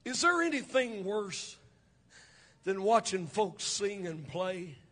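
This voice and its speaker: A man's voice: high voice, sing-song, slow, a bit bright. A man preaching a Pentecostal sermon, chanting his phrases with "uh" breaths between them.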